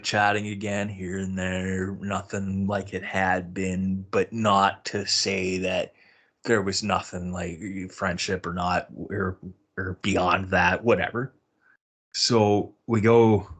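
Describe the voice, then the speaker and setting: A man hosting a podcast, casually telling a personal story with lots of swearing and exasperated, bewildered outbursts. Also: a bit bright. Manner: profane, exasperated, bewildered retelling with sudden high-pitched outbursts. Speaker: podcast host.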